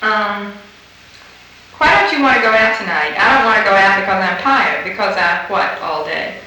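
A woman's voice: medium pitch, normal speed, pushed and bright, far from the mic. A woman fieldworker running a structured interview, patiently prompting with fill-in-the-blank questions. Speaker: dialect fieldworker. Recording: very echoey room, faint hiss, off-mic.

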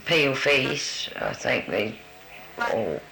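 A man's voice: mid-range voice, very animated, takes it slowly, creaky, pushed and bright. An older man answering interview questions in a folksy, easygoing way, calling the interviewer honey. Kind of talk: answering a word-list interview. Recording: roomy recording with background hiss.

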